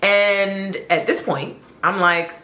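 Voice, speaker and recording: A woman telling a personal story in a chatty, expressive vlog style, leaning hard on words for emphasis. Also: mid-range voice, slow, roomy sound, slight background noise.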